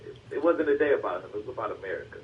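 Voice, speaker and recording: A man's voice: medium pitch, lively intonation, racing. A man arguing in a casual podcast talk, hedging his points and talking over the other speaker. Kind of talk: casual political argument. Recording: distant, dull, lo-fi.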